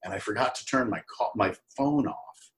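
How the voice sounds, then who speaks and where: A middle-aged man, an actor as a guest, casually telling an anecdote and acting out the people in it with jumps up in pitch. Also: moderate pace. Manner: animated storyteller who acts out quoted voices in a higher pitch.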